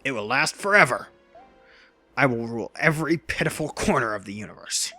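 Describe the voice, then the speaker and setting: A man's voice: medium pitch, expressive, brisk, bright, forceful tone, soft background music. A man voicing a boastful male monster king villain in a video game, gloating and grandiose.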